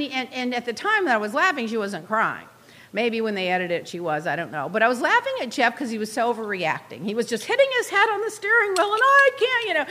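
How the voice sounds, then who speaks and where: A woman in a casual chat, telling a story in an animated, indignant way with quick asides. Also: fairly high pitch. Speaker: guest recounting reality show events.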